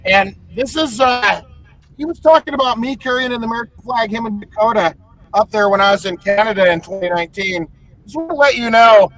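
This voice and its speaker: A man co-hosting a podcast in casual chat, playful and jokey, now and then bursting into loud promo shouts. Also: high-pitched, poor audio. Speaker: podcast co-host.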